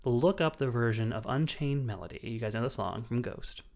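A male podcast co-host in a casual movie-review chat. His voice sits in a middle pitch and he speaks with enthusiasm, often restarting his sentences. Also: lively intonation, moderate pace, a little mellow. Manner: enthusiastic, frequent restarts and fillers.

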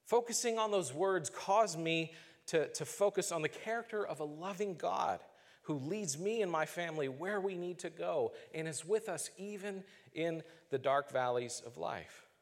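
A man in the pulpit delivers his sermon in an earnest, measured way, slowing to stress the words that matter. His voice sits a little high for a man. The sound carries a long reverb from a church hall. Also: animated. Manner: earnest, measured preaching with slow emphatic phrases. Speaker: pastor.

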